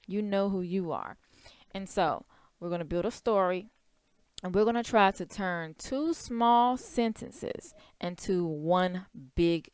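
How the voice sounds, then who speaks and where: A woman's voice: lowish voice, clean tone, no room sound, clean studio sound. A woman teacher explaining a writing lesson to young children, in short simple steps and with frequent checks that they follow. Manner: patient, simple explanations with repeated checks like "right?" and "okay?". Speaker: elementary school teacher.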